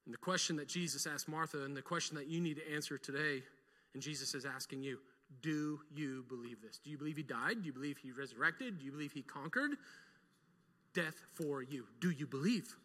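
A young man preaches from the pulpit with a high, sharply bright voice. He drives his points home with repetition and rhetorical questions, and his words ring out with a long reverb through a church sanctuary. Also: a little fast. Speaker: pastor. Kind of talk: sermon.

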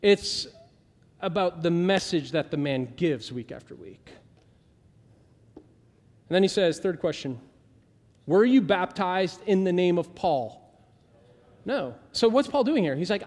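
Male pastor, conversational sermon delivery, higher-pitched voice, long reverb from a big sanctuary. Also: measured pace, pauses often. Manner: conversational, animated, acts out quoted voices.

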